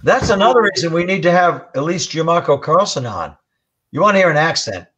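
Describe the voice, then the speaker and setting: A man from Rhode Island with a Rhode Island accent, talking in a relaxed, easygoing way. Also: fairly high pitch, fairly quick, husky. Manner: relaxed, easygoing, full of "you know". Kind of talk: casual livestream chat. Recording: dull lo-fi audio.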